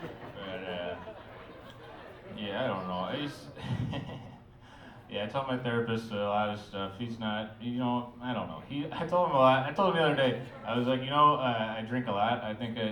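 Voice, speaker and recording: Stand-up comic, male, mumbly offhand delivery, mid pitch, roomy club sound. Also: fairly quick, a bit bright, distant mic. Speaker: stand-up comedian. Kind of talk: stand-up set. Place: comedy club stage.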